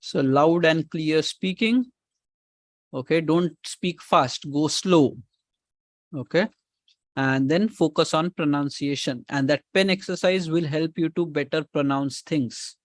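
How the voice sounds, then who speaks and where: Indian guy running a career coaching call, highish voice, dry sound, keeps repeating advice. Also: slow pace, no echo. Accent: Indian English. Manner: instructive, repeats key advice, mixes in Hindi words. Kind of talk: live online coaching session.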